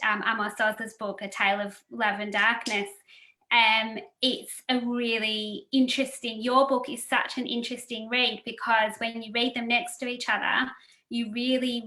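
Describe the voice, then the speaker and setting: A woman interviewing a guest, enthusiastic and filling pauses with ums. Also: on the high side, bright, forceful tone. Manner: enthusiastic, many ums, laughs between phrases. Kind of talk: casual interview talk. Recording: echoey room.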